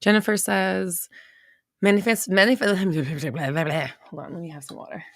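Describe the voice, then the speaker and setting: A woman's voice: on the low side, steady tone, normal speed, fairly bright tone, no room sound, clean studio sound. A young adult woman hosting a live coaching stream, chatting casually, swearing freely and reading viewer comments aloud.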